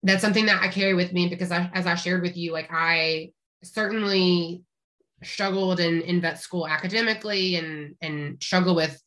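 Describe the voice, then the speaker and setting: Woman from rural Tennessee, thirties, upbeat podcast guest with a crisp, bright voice. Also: lowish voice, fairly even intonation, normal speed. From rural East Tennessee, Appalachia. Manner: chatty, upbeat, frequent restarts and laughs. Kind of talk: casual interview chat.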